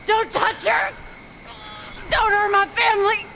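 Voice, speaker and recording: A woman's voice: extremely high pitch, level tone, takes it slowly, creaky, heavily acted. An actress voicing a desperate mother who pleads urgently to protect her family in a horror game. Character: desperate mother, middle-aged woman, protective. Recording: game audio with noise.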